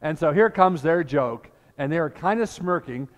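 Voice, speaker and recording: An older male pastor delivers a storytelling sermon, acting out the people in his scripture story. He talks at an unhurried pace, his voice sitting a bit high for a man. The sound carries a long reverb from the church sanctuary. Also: expressive.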